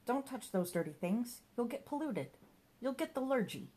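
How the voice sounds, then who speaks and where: A woman's voice: on the high side, sing-song, normal speed, mellow, pitched above the performer's own voice. A woman voicing a meddling, smothering male monkey-boy companion in a storybook reading. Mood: fretting. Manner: fussy, smothering, bossy.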